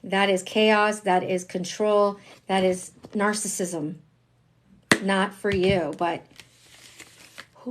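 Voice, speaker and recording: Slow-talking chatty tarot reader woman. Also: medium pitch, a little hiss or hum. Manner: chatty, emphatic, slangy, swings between hushed and excited. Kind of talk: live-streamed tarot reading.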